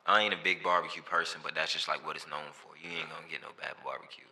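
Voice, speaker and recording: Very deep-voiced Southern man, bright tone. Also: steady tone, fast, slight background noise. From North Carolina. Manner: laid-back joking banter, slangy. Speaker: podcast co-host. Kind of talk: casual chat.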